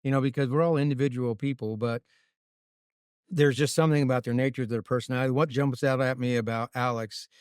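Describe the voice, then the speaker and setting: Smooth-voiced man telling racing stories. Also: medium pitch, a little fast, no room sound, clean studio sound. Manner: animated storyteller with frequent restarts and "right?". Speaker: racing crew chief, guest. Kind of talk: casual interview storytelling.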